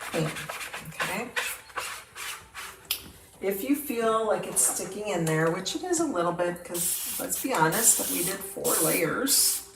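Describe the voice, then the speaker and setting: A woman's voice: fairly low pitch, far from the mic. A woman hosting a crafting demo, chatting enthusiastically to viewers as she works, with the hiccups. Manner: chatty, enthusiastic, talks to viewers while working. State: has the hiccups. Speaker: craft video host. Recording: roomy, off-mic, with clear background noise.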